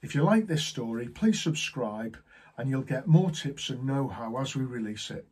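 Male sales trainer, mid-range pitch, slightly raspy, lively storyteller who voices each character. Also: moderate pace. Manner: animated, acts out both sides of the dialogue. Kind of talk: storytelling to camera.

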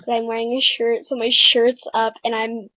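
A woman's voice: fairly high pitch, completely flat delivery, moderate pace, no room sound, lo-fi sound. A woman commenting casually on her own video at home, giggling and laughing often as she talks. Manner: giggly, breaks into frequent laughter. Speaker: vlogger. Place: at home on a laptop. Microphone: laptop mic.

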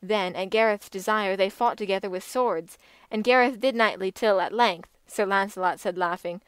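A woman reads an old legend aloud in a measured, expressive way. Her voice is smooth and clear at a middling pitch, and the recording is close and dry, with no room sound. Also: no echo. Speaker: audiobook narrator. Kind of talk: scripted storytelling narration.

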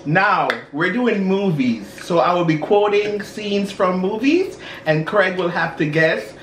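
A man's voice: high-pitched, animated, a little slow, fairly bright tone. A man hosting a casual mukbang chat and running a guessing game, playful and teasing. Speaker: host. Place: indoors at a dining table. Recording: roomy room, faint noise.

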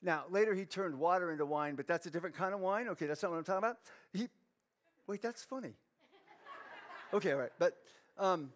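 A man's voice: high voice, brisk, long pauses. A man preaching a sermon as pastor, joking with himself and reading scripture aloud. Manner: playful, self-mocking, reads scripture aloud. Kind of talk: humorous sermon.

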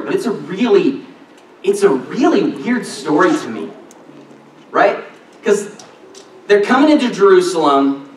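A man preaching a sermon in a church, excitable and animated, often breaking off mid-sentence. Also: sits high, a little hiss or hum. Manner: excitable, animated, self-interrupting. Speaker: pastor. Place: church sanctuary. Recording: echoey church hall, distant mic.

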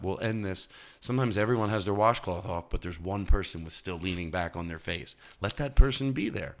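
A male comedian talking as a podcast guest, telling stories in an animated way and jumping into high, loud voices when he quotes people. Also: brisk. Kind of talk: casual interview chat.

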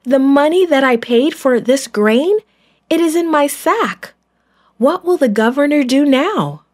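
A woman's voice: animated, a little slow. A woman voicing an alarmed grown man who cries out in dismay, in a children's storybook. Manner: alarmed, high and loud.

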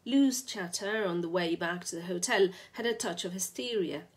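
Husky low-voiced woman reading a story. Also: normal speed. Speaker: reader.

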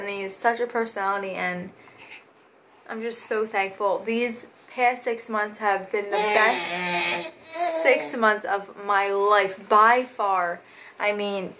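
A woman's voice: mid-range voice, fairly bright tone, slight background noise. A young woman, a mother, talking casually to her camera in a family vlog, gushing and sentimental about her baby. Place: home and car.

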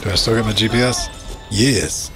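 Lower-voiced joking man who swears a lot. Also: moderate pace, music in the background. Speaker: game streamer. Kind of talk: casual co-op gaming chat.

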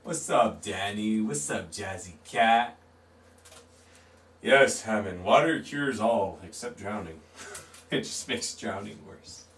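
A man's voice: fairly low pitch, lively intonation, takes it slowly, a bit bright, recorded from a distance. A man hosting a live stream, laid-back and chatty, reading out and answering chat while he draws. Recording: roomy, off-mic, faint guitar music.

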